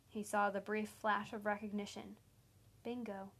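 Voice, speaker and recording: A woman's voice: medium pitch, level tone, measured pace, vocal fry. Woman narrating a thriller story.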